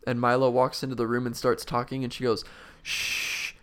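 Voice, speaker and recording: A man's voice: medium pitch, fast, clean tone. A young man hosting a podcast, chatting casually and rambling with lots of filler words. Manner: relaxed, rambling, many "like"s. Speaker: podcast host. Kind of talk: casual chat and reading aloud.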